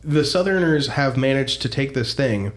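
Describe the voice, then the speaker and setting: A man's voice: mid-range voice, animated, normal speed. A man co-hosting a casual studio chat, joking along and trying to steer talk back to the topic. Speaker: podcast co-host. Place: marketing studio.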